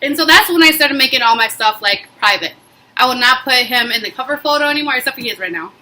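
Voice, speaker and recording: Speaking fast in a high-pitched voice, a young woman shares a personal story on her vlog. Her retelling is casual, emphatic and animated, full of fillers, and the recording is rough.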